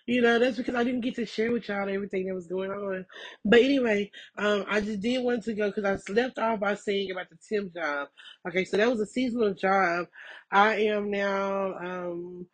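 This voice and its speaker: Still shaking off a cold, a podcast host talks candidly through a personal update at normal speed, her mid-range voice carrying a breathy edge. She meanders, repeats herself and keeps checking in with "you know what I'm saying."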